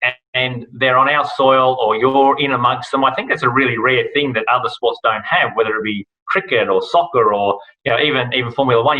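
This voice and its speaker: A man's voice: mid-range voice, lo-fi sound. An Australian man talking casually as an interview guest, rambling with many fillers and restarts. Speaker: guest, rally broadcast host. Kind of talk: relaxed podcast interview.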